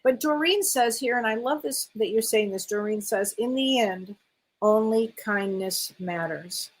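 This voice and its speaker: A woman co-hosts a relaxed spiritual conversation. She quotes a line and prompts her partner with brief, agreeing questions. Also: on the high side, measured pace. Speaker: co-host.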